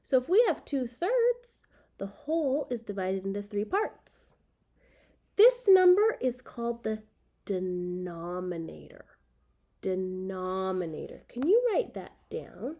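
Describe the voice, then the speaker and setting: A woman's voice: mid-range voice, sing-song, slow pace, dark tone. A woman teaching a children's math lesson, speaking patiently and repeating key words so students can write them down.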